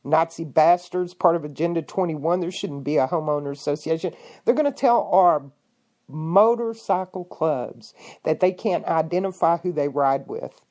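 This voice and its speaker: Woman podcast host, angry profane rant, loud bursts dropping to mutters. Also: low voice, moderate pace. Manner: fiery, indignant, swings between shouting and muttering; profane, rhetorical questions.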